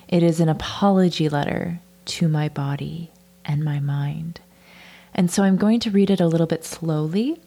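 A woman hosting a podcast, speaking gently and softly and slipping into a breathy whisper at times as she slowly reads a letter aloud. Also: fairly low pitch. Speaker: podcast host. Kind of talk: podcast monologue and slow reading of a letter.

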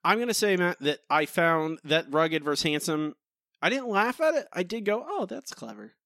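A man's voice: fairly high pitch, expressive, moderate pace, sharp tone, dry recording, clean studio sound. A man co-hosting a podcast, ranting in exasperation about an episode and saying "like" a lot. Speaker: podcast co-host. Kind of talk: casual episode review chat.

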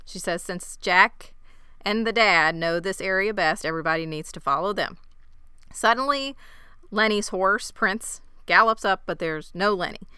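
A woman narrates a TV episode's events with amused, easygoing asides. Her voice is very smooth and crisp, bright in tone, and the recording sounds dry and close. She keeps a relaxed, conversational feel. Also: medium pitch, measured pace, no echo. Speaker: podcast co-host. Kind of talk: casual TV recap chat.

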